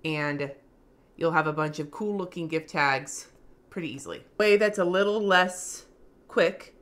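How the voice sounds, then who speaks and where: A woman vlogger giving a casual, slangy craft tutorial, cussing freely, her voice going a little hoarse. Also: low voice, a little slow, a bit bright.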